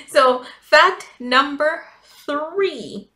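A fairly high-voiced woman from Jamaica with a light Jamaican accent mixed with Canadian speech, giggling and chatting warmly to camera in a casual personal vlog. She sounds upbeat and chatty, as though recording at home. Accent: light Jamaican-Canadian blend. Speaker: vlogger, event business coach.

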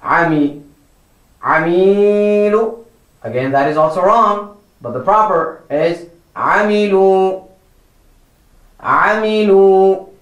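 A man's voice: high-pitched, expressive, measured pace, fairly bright tone, reverberant, muffled recording. A male Quran recitation teacher giving a children's lesson, patiently repeating each word and correcting wrong versions.

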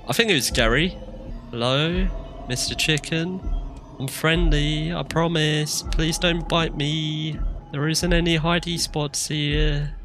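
Bright, jittery young man gaming. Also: on the high side. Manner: jittery running commentary, shrieks when scared. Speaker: gamer. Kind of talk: let's play commentary.

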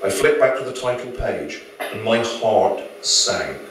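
A man's voice: lowish voice, lively intonation, measured pace, fairly bright tone, a little hiss or hum. Wry man reading his novel aloud. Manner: dry, wry storytelling. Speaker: author. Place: live reading at a venue. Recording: very echoey room, mic far off.

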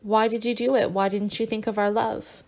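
A woman's voice: mid-range voice, level tone, normal speed, gravelly, a little mellow, natural voice. A woman voicing a devoted young wife who speaks in a worried, earnest way, in an audiobook. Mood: anguished.

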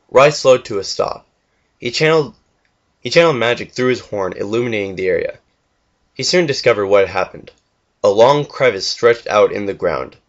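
A young man earnestly reading a fan story aloud, with the odd stumble and restart. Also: lowish voice. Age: young adult. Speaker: fanfiction reader. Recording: dull lo-fi home recording.

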